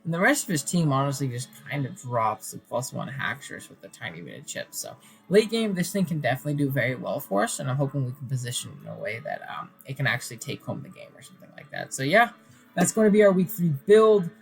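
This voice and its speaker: A man's voice: mid-range voice, sing-song, quick pace, creaky. A tired man talking casually about his game plan late at night, mumbling and rambling with lots of fillers. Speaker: competitive player and channel host. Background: faint background music.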